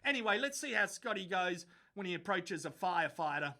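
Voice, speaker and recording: A man's voice: high-pitched, expressive, brisk, vocal fry, background noise. A man giving blunt, mocking reaction commentary on news footage, swearing freely. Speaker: online commentator.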